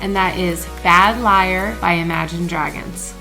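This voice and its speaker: A woman vlogger speaking earnestly and emotionally in a quiet, thoughtful personal reflection. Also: fairly low pitch, steady tone, a little slow, vocal fry, loud music behind the voice.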